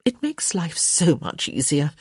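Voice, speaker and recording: A woman's voice: sits low, sing-song, a little slow, a little mellow, slightly rough, dry recording, studio quality, heavily acted. Woman voicing Violet, a fretting society mother. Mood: coaxing. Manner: insistent, coaxing.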